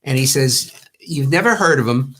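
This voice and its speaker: This is a husky, expressive male voice in the mid range, speaking at normal speed. He's an older former magazine owner from Long Island, New York, chatting casually and acting out the quotes in his long anecdotes. His manner is warm and rambling.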